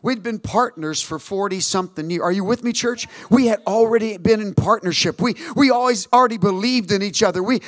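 Brief: older male pastor, high voice, dry close sound, animated storytelling sermon with call and response. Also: fairly quick, few pauses, dry recording. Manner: animated storytelling preacher, calls for amens and response.

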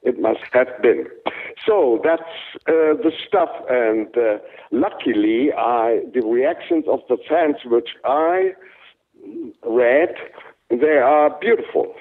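An older man with a German accent, a German native speaker, speaking haltingly in an interview with many fillers and restarts. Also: mid-range voice. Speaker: interviewed actor. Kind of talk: casual interview talk. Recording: tinny phone-like sound.

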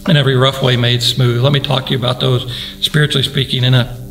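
A man's voice: medium pitch, little pitch movement, fast, fairly bright tone, soft background music, low-quality recording. A man preaching a sermon as pastor in a church, earnest, repeating phrases and asking the congregation rhetorical questions. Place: church sanctuary.

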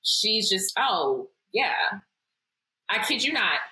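A woman in her thirties hosting a casual chat, telling stories in an animated, exasperated way. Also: mid-range voice, slow, poor audio. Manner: animated, exasperated storytelling with laughs. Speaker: podcast host, psychologist.

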